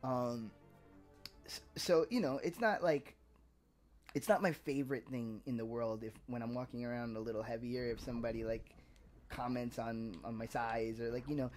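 A man's voice: mid-range voice, steady tone, normal speed, faint music behind. A man co-hosting a gaming stream, talking candidly and rambling with plenty of swearing and restarts. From Puerto Rican family. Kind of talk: casual chat.

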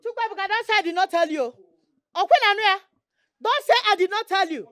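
An actress playing a Nigerian mother who scolds her grown son, with an Igbo Nigerian accent, talking in a shrill, rapid way. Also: lively intonation, bright, forceful tone, dry recording, heavily acted. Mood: scolding. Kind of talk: Nollywood film acting.

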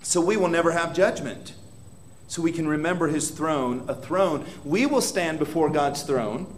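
A man's voice: on the high side, moderate pace, a little hiss or hum. Man preaching a dramatic sermon. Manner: dramatic, voices prayers aloud with rising intensity; asks the congregation questions directly. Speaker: pastor. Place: church hall.

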